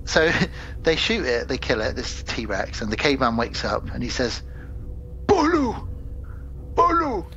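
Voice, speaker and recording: A man co-hosting a podcast, casually retelling a film's plot with animated asides and quick acted-out quotes. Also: medium pitch, dull audio, soft background music. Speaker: podcast co-host. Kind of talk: casual chat.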